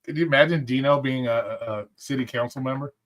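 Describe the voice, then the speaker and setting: Male streamer, mid-pitched, rambling and profane, casual rant energy. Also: quick pace. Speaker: livestream host. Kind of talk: casual livestream commentary.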